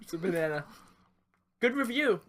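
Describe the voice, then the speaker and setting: A man's voice: high-pitched, very animated, normal speed, fairly bright tone. A man co-hosting a casual podcast, making dry teasing remarks. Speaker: podcast co-host, teacher. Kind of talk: casual chat while eating.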